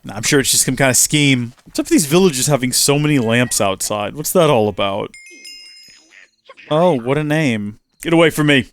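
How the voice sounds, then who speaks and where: During his let's play commentary, this male gaming host gets animated, calling out and talking to himself as he plays, with a medium-pitched voice at a normal pace.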